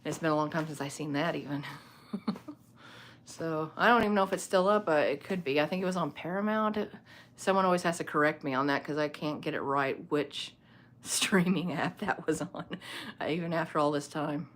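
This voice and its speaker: Rambling low-voiced woman livestreaming. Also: fairly quick, slight background noise. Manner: rambling, chatty, laughs often. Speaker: livestream host. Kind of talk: casual livestream chat with viewers. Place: home room lit by a small ring light. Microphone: phone.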